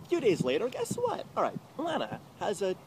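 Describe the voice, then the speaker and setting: A man telling a story in an excitable, profane rant and acting out the quotes, from a noisy old video clip. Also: high voice, a little fast, music in the background. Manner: excitable, swearing, acts out quotes. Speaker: vlogger.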